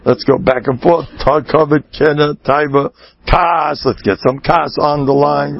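A man's voice: on the high side, steady tone, a little slow, creaky, no room sound, muffled recording. A man telling humorous stories, laughing and mimicking people as he talks. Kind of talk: humorous storytelling talk.

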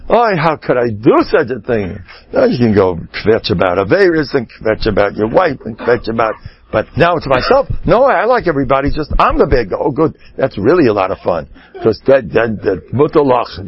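A man's voice: mid-range voice, dull audio. A man telling humorous stories, laughing and mimicking people as he talks. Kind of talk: humorous storytelling talk.

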